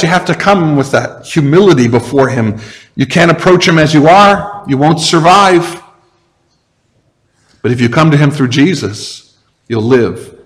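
A male pastor preaching a sermon in a church. He talks conversationally and slows down to lean hard on key phrases. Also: mid-range voice, in a large hall. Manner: conversational, with slow, heavy emphasis on key phrases.

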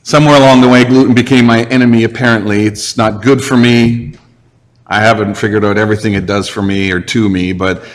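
A man's voice: mid-range voice, big-room sound. A pastor in his forties giving a conversational sermon, asking the listeners rhetorical questions. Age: 40s.

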